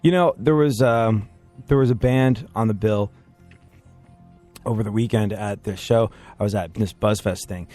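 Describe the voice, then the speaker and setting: A man hosting a casual podcast with a slightly low voice, wry and self-deprecating as he rambles through his stories. Faint music plays underneath. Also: moderate pace, darkish tone. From England. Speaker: podcast host. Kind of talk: casual chat.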